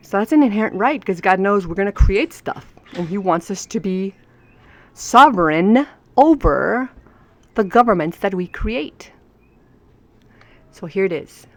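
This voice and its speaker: A woman of middle pitch gives a casual home lesson. She talks in a chatty, emphatic way and often turns aside to speak straight to her viewers. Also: lively intonation, unhurried, long pauses. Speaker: home teacher. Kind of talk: casual lesson reading legal maxims.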